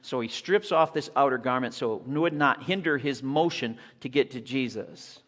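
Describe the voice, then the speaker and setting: A man preaching a sermon with animated storytelling, acting out the scenes, recorded in an echoey church hall. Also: medium pitch, moderate pace.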